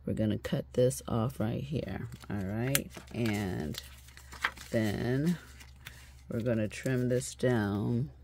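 Slow, gravelly-voiced woman crafter. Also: extremely low pitch, warm tone, slight background noise. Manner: chatty, rambling, thinks aloud with fillers. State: tired and yawning. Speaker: crafter hosting a journal-making video. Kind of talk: casual crafting walkthrough.

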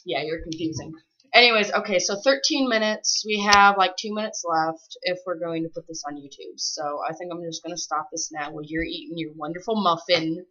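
A woman's voice: on the low side, pushed and bright. A teenage girl chatting and teasing a friend in front of a laptop webcam, giggly and bossy. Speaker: webcam vlogger. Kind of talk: casual goofy chat with a friend. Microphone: built-in laptop webcam mic. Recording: dull lo-fi webcam audio.

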